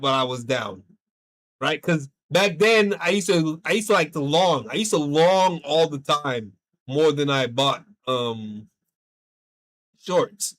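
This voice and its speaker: High-voiced, profane male streamer. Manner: profane, rambling, animated venting. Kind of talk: casual livestream chat while gaming.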